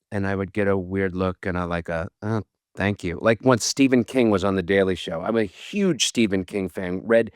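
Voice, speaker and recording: Low smooth-voiced man, self-deprecating. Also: no room sound, clean studio sound. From Boston. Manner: self-deprecating, halting restarts. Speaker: actor, podcast guest. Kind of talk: casual storytelling interview.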